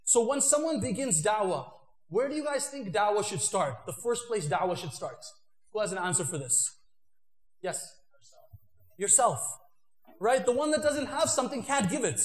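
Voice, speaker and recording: A young man giving an animated talk to an audience, acting out imagined conversations. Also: very high-pitched, moderate pace, reverberant. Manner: animated, acts out imagined dialogue. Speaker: Islamic speaker.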